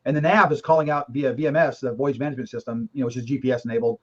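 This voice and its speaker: A man's voice: medium pitch, very fast, hardly any pauses, husky. A middle-aged man, a guest in a casual conversation, telling his story candidly and emphatically, with some swearing. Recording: dull lo-fi recording.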